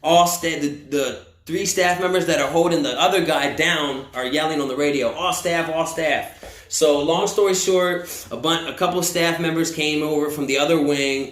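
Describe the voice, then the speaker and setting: A man with a slightly high voice tells a wild story casually, swearing freely and acting out the people in it. His voice rings a little in a roomy, echoey space. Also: moderate pace. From United States. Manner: profane, animated, acts out quotes. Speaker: vlogger telling a story. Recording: roomy echo.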